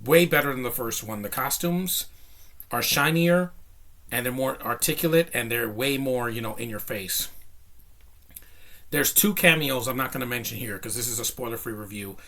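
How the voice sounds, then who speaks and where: A young man talks through a film review in an excited, rambling way, full of fillers and restarts. He sounds a little out of breath, and his voice is bright and forward. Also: medium pitch, normal speed. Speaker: movie reviewer. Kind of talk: casual spoken film review.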